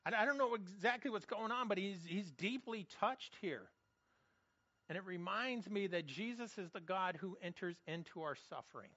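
A man's voice: high voice, expressive, moderate pace, bright, forceful tone, no room sound, muffled recording. A man preaching a sermon, earnest and emphatic, often repeating words as he builds to questions. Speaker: pastor.

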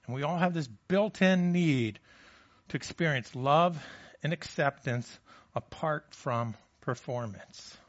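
A pastor delivering a sermon in a conversational way, putting questions to the congregation. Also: male voice, on the high side, slow, highs cut off.

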